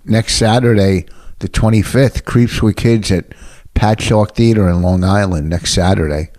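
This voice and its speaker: Man, deep-ish voice, comedian hosting a podcast, rambling low-key chat. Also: steady tone, moderate pace, darkish tone. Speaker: stand-up comedian and podcast host. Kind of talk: casual chat.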